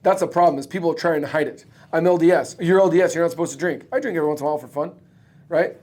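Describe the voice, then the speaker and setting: Talking very fast in a slightly high, darkish voice, a roofing business owner and coach guests on a casual podcast. His conversation is blunt and emphatic, with free swearing.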